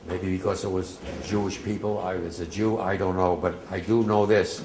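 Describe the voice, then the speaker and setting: A man in his eighties from New Jersey gives an emotional eyewitness account to an audience, halting and at times swelling almost to a shout. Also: low voice, level tone, echoey room, background noise. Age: 80s. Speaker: war veteran speaker.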